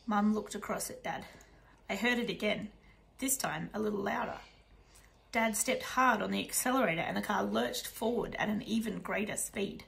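A woman narrating a children's novel in the first person, in a hushed, soft delivery. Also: medium pitch, moderate pace, creaky, poor audio. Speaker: audiobook narrator.

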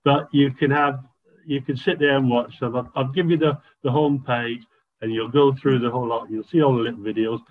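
A man's voice: mid-range voice, fairly even intonation, fairly quick. An enthusiastic man rambles on, tripping over restarts as he explains. His voice comes through a tinny, narrow phone-like line. He sounds like he's casually chatting on a video call.

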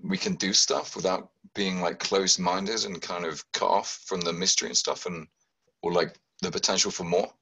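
A man's voice: low-pitched, creaky, sharp tone, breathy edge, rough recording. A man in a casual group discussion who muses hesitantly, filling his speech with "like" and "kind of". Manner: hesitant, heavy use of "like" and "kind of".

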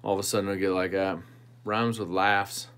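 A man's voice: deep voice, little pitch movement, normal speed, a bit bright, clear, resonant tone. A man hosting a knife channel livestream, chatting casually with viewers and thinking aloud while he tinkers with a knife.

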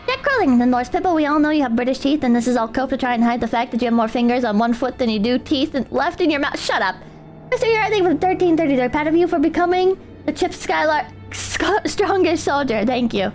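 A young American woman with a very high, bouncy voice chats with her stream viewers and reads out donations. She teases, jokes crudely and swears without a second thought. Faint music plays behind her. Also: sing-song, normal speed. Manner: teasing, crude, swears freely. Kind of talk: casual chat, reading viewer donations.

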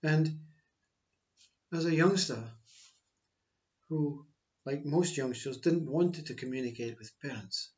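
A man delivers a spiritual monologue at an unhurried, deliberate pace. His voice sits a little high, and he circles back over his own words as he teaches. The recording is dull and lo-fi. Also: darkish tone. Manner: slow, reflective, repetitive phrasing.

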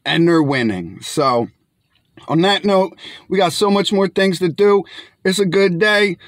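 A man's voice: high-pitched, animated, a little slow, dry recording. A young man casually reviewing canned fish outdoors, chatty and laid-back, often calling viewers his friends. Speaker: food reviewer. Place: outdoors in bright sun.

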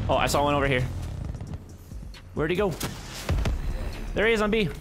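Young male gamer commentator, lively high-ish voice, excitable, over music and gunfire. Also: a little fast, long pauses. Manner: excitable, swings from muttering to frustrated yelling. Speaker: gaming YouTuber. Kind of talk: live gameplay commentary. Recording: gameplay sound and background music under voice. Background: game gunfire and instrumental music.

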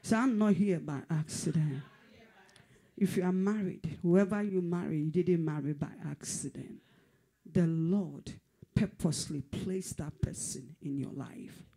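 A fervent male pastor delivering prophecy with a dark, husky tone. He repeats his phrases for emphasis and at times sinks to a whisper. His pitch sits somewhat high for a man. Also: a little slow. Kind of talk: prophetic sermon.

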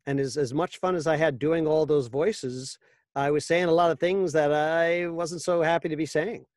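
Dry, slightly high-voiced male voice actor. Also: fairly even intonation, moderate pace, a little mellow, dry recording. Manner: wry, anecdotal, jokey. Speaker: voice actor guest. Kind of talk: casual interview.

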